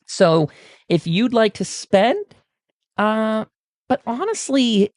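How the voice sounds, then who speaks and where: A man narrating as game master of a tabletop game, relaxed with frequent fillers. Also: high voice, slow, dry recording, clean studio sound. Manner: relaxed, many fillers, laughs while describing.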